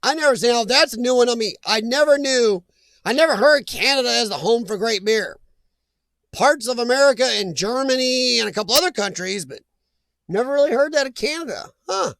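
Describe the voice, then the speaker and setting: Gravelly high-voiced chatty man. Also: lively intonation, brisk, fairly bright tone, dry recording. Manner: rambling, jokey, reacts to chat comments. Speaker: host of a live chat stream. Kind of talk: casual live-stream chat.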